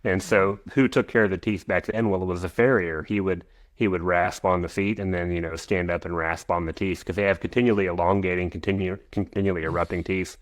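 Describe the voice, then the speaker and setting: A man in his forties speaks in a very low, deep voice, recorded dry and close. He explains at length as a podcast guest, rambling with restarts and asides along the way. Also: steady tone, brisk, few pauses, dry recording. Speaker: guest, equine veterinarian. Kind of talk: podcast interview.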